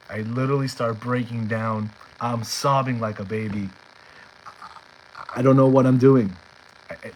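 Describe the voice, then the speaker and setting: A man's voice: mid-range voice, slight background noise, low-quality recording. A man telling a heartfelt personal story in an earnest way, often repeating himself when stirred. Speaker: storyteller sharing a personal journey.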